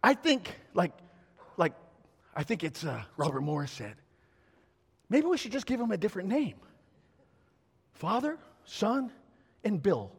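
A man preaching a sermon in a church, animated and exhorting, with call-and-response asides to the congregation. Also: sits high, unhurried, vocal fry, pauses often, husky. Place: church sanctuary. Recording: long reverb of a large hall.

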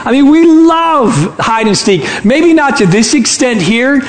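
A man's voice: very high-pitched, animated, a little slow, reverberant. A man from Michigan preaching a sermon in a church sanctuary, playful and chatty, teasing the congregation. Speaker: pastor.

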